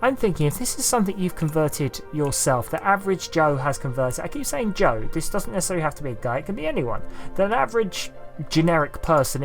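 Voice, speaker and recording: A man's voice: a little high, a bit bright. Rambling Southern English man narrating gameplay. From south of England. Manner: rambling, self-deprecating, chatty. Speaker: YouTuber building in a life-sim game. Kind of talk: casual gameplay commentary.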